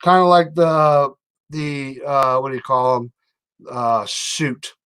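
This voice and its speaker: A man's voice: medium pitch, takes it slowly, a bit bright, clean tone. A middle-aged man hosting an online stream, rambling through a heated, sarcastic political rant. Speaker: online livestream host.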